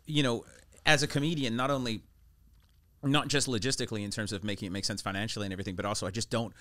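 A man in his thirties hosting a podcast as a comedian, chatting casually, animated and laughing often. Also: lowish voice, fast talker. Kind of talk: casual chat. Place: podcast studio.

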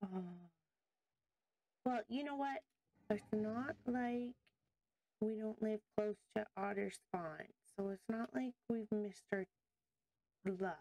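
A chatty woman narrating her own gameplay in a casual let's-play. She thinks aloud and talks to her viewers and the creatures on screen, getting easily excited. Her voice sits at a middle pitch and sounds dry and close. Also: takes it slowly, pauses often, no room sound. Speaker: gaming video host.

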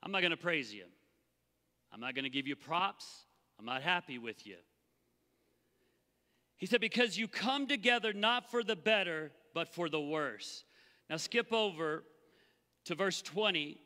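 Pastor, male, high and very bright voice, animated sermon, church hall reverb. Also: unhurried, pauses often. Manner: animated, acts out the Bible voices. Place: church sanctuary.

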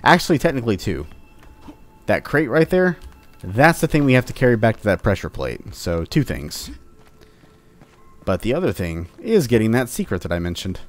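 A man with a fairly low voice talks through his gameplay in a relaxed, offhand way. He cracks jokes and taunts the monsters as he fights them. A little music sits faintly underneath his voice. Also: normal speed, long pauses. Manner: playful, jokingly taunts enemies. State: sore upper back. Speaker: let's-play host. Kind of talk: casual gameplay commentary.

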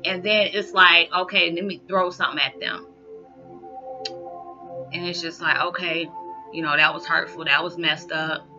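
A woman's voice: fairly low pitch, normal speed, pauses often. Woman, 40s, casual rambling vlog talk, lo-fi sound. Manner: rambling, conversational, many "you know" fillers; animated, rising loud when acting out reactions. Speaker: spiritual vlogger. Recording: dull lo-fi audio with background music.

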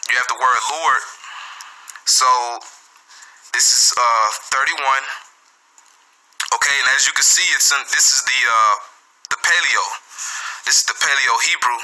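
A man giving a casual scripture lesson on video, halting and repeating words, often adding "man" and "okay". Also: medium pitch, sharp tone, poor audio. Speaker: Bible teacher.

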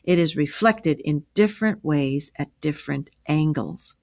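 Woman reading as eager young girl, storybook, high bright voice. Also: a little slow, no echo, studio quality. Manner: eager, happy. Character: excited young girl grasping an idea.

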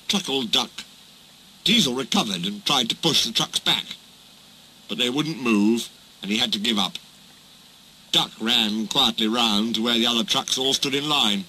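A man narrating a children's storybook in a slow, expressive storytelling manner. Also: medium pitch, slight background noise, low-quality recording.

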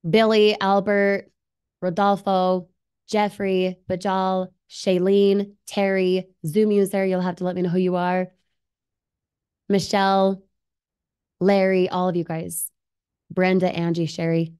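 An upbeat woman, likely in her thirties, hosts a live online webinar. She speaks in a persuasive, energetic way at a middle pitch, keeps putting questions to her viewers and reads their comments aloud as she goes. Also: takes it slowly, long pauses, smooth. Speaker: livestream presenter.

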